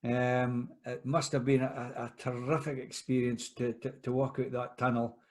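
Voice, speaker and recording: A man's voice: mid-range voice, little pitch movement, normal speed, darkish tone. A man hosting an interview, asking stumbling, hesitant questions. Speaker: host. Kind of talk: casual interview.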